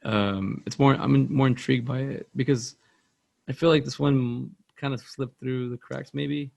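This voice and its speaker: A man's voice: medium pitch, steady tone, normal speed, creaky, darkish tone. A man hosting a podcast, chatting casually and rambling about a movie, with lots of "like" and "dude". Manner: rambling, loose, says "like" and "dude" a lot. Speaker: podcast host.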